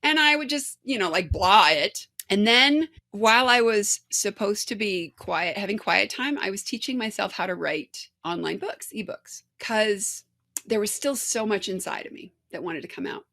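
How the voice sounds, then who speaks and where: A woman's voice: medium pitch, lively intonation, moderate pace, pushed and bright. A woman guest in a podcast interview, telling her story candidly and acting out voices.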